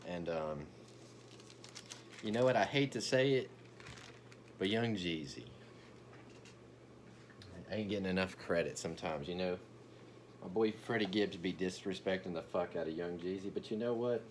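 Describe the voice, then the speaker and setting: A man's voice: deep voice, normal speed, long pauses, a little hiss or hum. A young man ranting in a brash, profane, boastful comedic commentary, stumbling over restarts as he talks.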